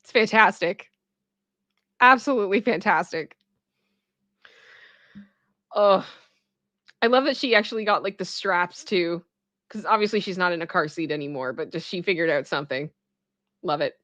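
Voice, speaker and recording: A woman hosting casual reaction commentary, chatty and expressive and quick to laugh. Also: fairly low pitch, dry recording. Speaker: pop culture reaction host.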